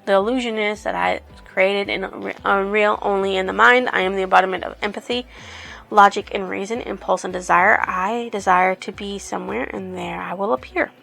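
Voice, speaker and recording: A woman voicing a calm, welcoming female mind demon in a retold story. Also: mid-range voice, normal speed, gravelly, soft background music.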